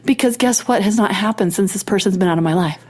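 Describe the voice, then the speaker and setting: Animated woman host getting over a cold. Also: medium pitch, quick pace. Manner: animated, self-mocking, tells anecdotes with quoted dialogue. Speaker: podcast host. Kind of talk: casual storytelling chat.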